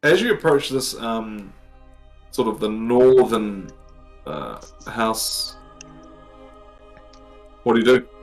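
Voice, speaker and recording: A man's voice: fairly low pitch, expressive, slow, long pauses, soft background music. Hesitant male dungeon master. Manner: hesitant, many ums while narrating. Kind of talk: narrating a tabletop game.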